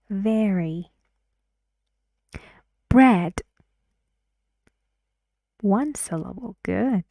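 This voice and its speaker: A woman teaching English pronunciation, slowly repeating words clearly for learners. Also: medium pitch, mellow, dry recording, studio quality. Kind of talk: slow pronunciation lesson with drills.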